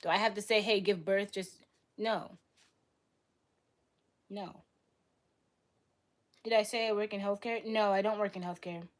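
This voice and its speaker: Young woman, stream host, blunt and argumentative, answers chat with quick retorts. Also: mid-range voice, steady tone. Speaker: livestream host. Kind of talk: live stream debate reading chat.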